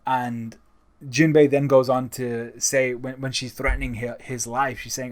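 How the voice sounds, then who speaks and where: A man's voice: medium pitch, flat delivery, a little slow. A man giving a casual, enthusiastic spoken review of a comic chapter, talking conversationally. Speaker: manga reviewer.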